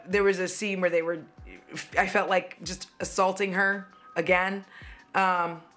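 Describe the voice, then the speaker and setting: A woman's voice: lowish voice, fairly bright tone. A woman vlogger talking casually at home, blunt and profane as she gets heated on a rant. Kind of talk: casual commentary vlog.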